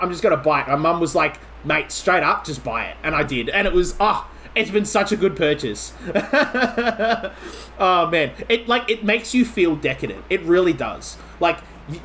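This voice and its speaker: An Australian man from Melbourne rambles through a casual stream chat, his voice sitting a little high. He restarts his sentences and leans on "like" as he talks. A faint hiss of ambient noise stays under him. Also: a bit bright. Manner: rambling, chatty, full of "like" and restarts. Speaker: game streamer host.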